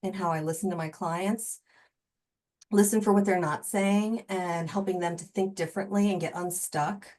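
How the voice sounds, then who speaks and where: A woman's voice: lowish voice, steady tone, normal speed, a little mellow. A woman in her forties, a creativity coach, talking reflectively as a podcast guest with frequent fillers. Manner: reflective, thoughtful, many fillers. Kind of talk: casual interview conversation.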